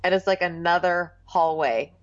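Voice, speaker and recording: Woman cohost chatting through a show recap, lowish voice, kinda muffled lo-fi audio. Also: moderate pace, dry recording. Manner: chatty, keeps the recap moving. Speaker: podcast co-host. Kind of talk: casual chat recapping a reality show. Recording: dull, lo-fi sound.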